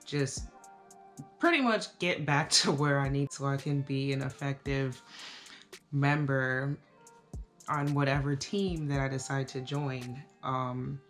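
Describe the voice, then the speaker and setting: A woman in her thirties giving a casual, reflective life update to camera, talking slowly with many fillers. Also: very deep voice, soft background music. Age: 30s. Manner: relaxed, reflective, with frequent fillers. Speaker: vlogger.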